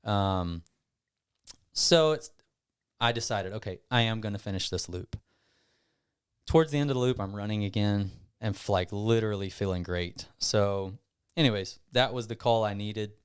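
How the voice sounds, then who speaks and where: Male podcast guest, lowish smooth voice, dry close sound, rambling storyteller. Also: normal speed, dry recording. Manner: rambling, animated retelling with self-quotes. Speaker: gym owner guest.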